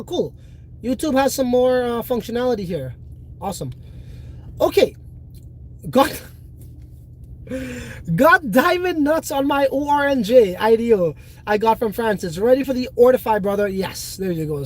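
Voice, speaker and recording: A man's voice: extremely high pitch, lively intonation, normal speed, pauses often, rough recording. A man hosting a livestream and chatting casually with his viewers. He talks bluntly and swears freely. He often slips into fired-up rants. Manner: blunt, profane, fired-up ranting. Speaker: livestream host.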